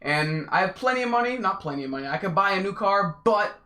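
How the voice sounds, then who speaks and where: Bright-voiced young man telling a story. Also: high-pitched, quick pace. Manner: animated, slangy storytelling. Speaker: vlogger. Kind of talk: casual storytime. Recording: echoey room.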